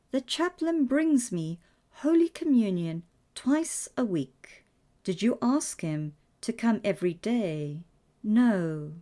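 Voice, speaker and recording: Slow, reverent woman storyteller. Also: mid-range voice, dark tone. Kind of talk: reading a devotional story aloud.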